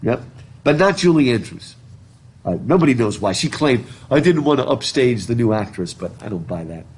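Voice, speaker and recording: Through a mask that muffles his slightly husky voice, a middle-aged professor leads a literature class, rambling across tangents, reading aloud and questioning his students. His voice is mid-range and a little mellow, with big pitch swings at normal speed, captured by a recording device in the classroom.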